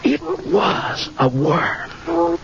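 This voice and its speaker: A man's voice: high-pitched, huge pitch swings, very slow, gravelly, crowd noise, heavily acted. An actor playing a haunted, guilt-ridden man in a 1950s-style radio drama, tense and breathless, sometimes anguished. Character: haunted middle-aged male gardener-scientist, guilt-ridden. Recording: hissy dull old radio recording.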